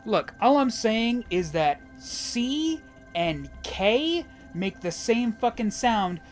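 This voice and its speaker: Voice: medium pitch, very animated, slow pace, faint music behind. A streamer giving casual gameplay commentary, rambling, joking and swearing.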